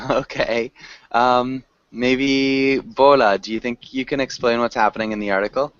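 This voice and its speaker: A man's voice: mid-range voice, fairly even intonation, measured pace, a bit bright, clean tone, dry recording, highs cut off. A man teaching an English class online, patiently correcting pronunciation with frequent ums.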